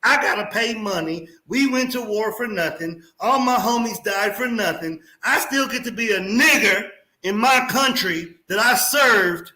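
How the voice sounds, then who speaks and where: A man with a Texas accent talking in a casual chat, telling profane, animated stories as a podcast host. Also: high voice, measured pace. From Houston, Texas. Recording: roomy echo.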